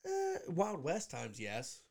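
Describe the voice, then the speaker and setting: A young man co-hosting a casual podcast, joking loudly and swearing as he talks. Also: on the high side, wildly swooping pitch, slow, vocal fry. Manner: loud, swearing, joking, breaks into laughs. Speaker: podcast co-host. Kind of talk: casual crude banter.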